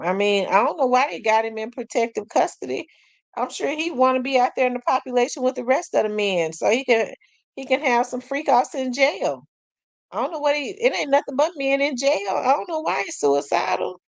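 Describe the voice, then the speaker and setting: A woman's voice: mid-range voice, no room sound. Woman, casual stream host, chatty, exclaims a lot, dry close mic. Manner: chatty, exclaims and laughs, talks to viewers. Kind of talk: casual commentary livestream.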